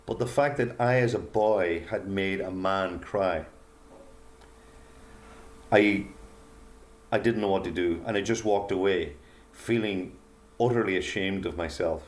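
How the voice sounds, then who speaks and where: An older man, a guest author, telling a personal story in an earnest, halting way with many pauses and fillers. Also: deep voice. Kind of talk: reflective storytelling interview.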